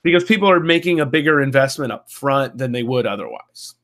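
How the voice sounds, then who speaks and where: A man's voice: mid-range voice, lively intonation, brisk, a bit bright. A man co-hosting a podcast in casual chat, talking hesitantly with many restarts and fillers. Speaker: podcast co-host.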